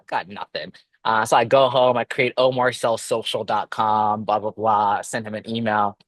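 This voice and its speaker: A man in his twenties, a real estate agent, telling his story in a casual, animated way, acting out quoted dialogue as he goes. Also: lowish voice, moderate pace, dry recording. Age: 20s.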